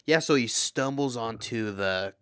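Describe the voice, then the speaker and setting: A man co-hosting a podcast, reviewing a movie in an excitable, rambling, profane way. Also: mid-range voice, measured pace, clean tone, no room sound, studio quality. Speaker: podcast co-host. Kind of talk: casual movie review chat.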